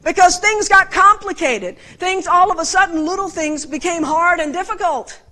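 A woman delivers a conversational sermon in a high, bright voice. She preaches with animated emphasis and keeps turning to her listeners with direct questions. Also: moderate pace.

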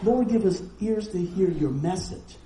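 A middle-aged man, preaching a sermon in a folksy, storytelling way with quick asides. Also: sits high, animated, warm tone, roomy sound, slight background noise, low-quality recording. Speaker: pastor.

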